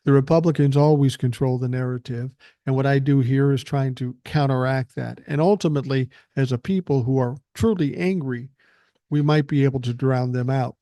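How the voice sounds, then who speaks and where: A man's voice: mid-range voice, moderate pace, dark tone, dry recording. An older man hosting a podcast, delivering a blunt, profane and angry political monologue into a close mic. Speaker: podcast host.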